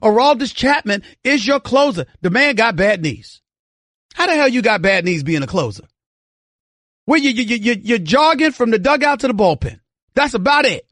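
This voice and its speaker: A man's voice: very high-pitched, very animated, moderate pace, a bit bright, no echo, clean studio sound. A middle-aged man hosting a sports radio show, ranting heatedly with lots of repeated words while nursing a strained voice. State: straining an irritated voice after vocal cord surgery. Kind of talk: opinionated sports talk monologue. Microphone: studio mic.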